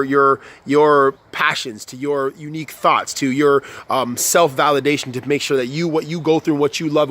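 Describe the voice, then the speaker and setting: A man's voice: mid-range voice, fairly bright tone, husky. A young man ranting to camera with a lot of swearing, stumbling and restarting his sentences, and growing heated. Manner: profane, repetitive, heated and restarting. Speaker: vlogger. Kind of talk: unscripted motivational rant.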